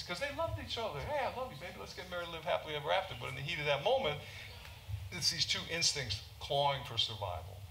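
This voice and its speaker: American doctor giving a talk, a bit high and bright, keeps saying okay, roomy hall with faint hum. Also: male voice. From United States. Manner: informal, often checks in with "okay?". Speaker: physician and conference speaker. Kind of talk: conference lecture. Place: large conference hall.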